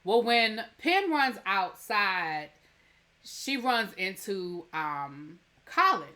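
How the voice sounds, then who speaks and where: A woman's voice: medium pitch, very animated, very slow, sharp tone. A woman hosting a TV review channel, recapping an episode in a chatty, rambling way with many fillers and restarts.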